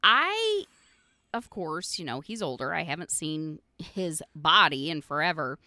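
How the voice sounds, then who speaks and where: A middle-aged woman hosts her own podcast, telling casual stories in a blunt and profane way, often breaking into laughter. Her voice sits on the lower side yet sounds bright, and her pitch swings widely. The recording is dry and close. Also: sing-song, measured pace, dry recording. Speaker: podcast host. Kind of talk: casual storytelling monologue.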